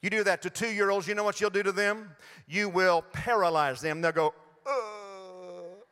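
A man's voice: high voice, steady tone, brisk, bright, forceful tone, clear, resonant tone, in a large hall. An older man preaching a sermon in a folksy storytelling way, acting out little voices as he goes. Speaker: pastor.

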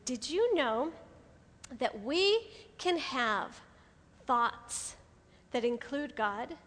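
A woman giving a sermon to a room of women, lively and playful, acting out everyday inner voices. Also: high-pitched, big-room sound. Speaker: women's ministry speaker. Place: hall with an audience.

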